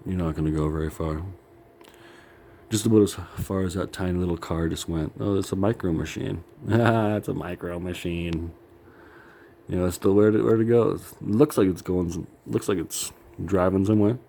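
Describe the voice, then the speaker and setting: A man's voice: deep voice, normal speed, creaky, warm tone, a little hiss or hum. A middle-aged man rambling in a profane, self-critical monologue, laughing often and sounding worn out.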